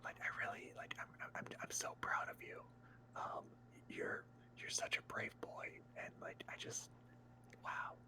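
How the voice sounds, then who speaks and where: A man in whispered role-play, softly encouraging a friend in his ear. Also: a little slow, natural voice. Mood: soothing. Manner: soothing, encouraging. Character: soft-spoken male cheerleader in a friend's ear.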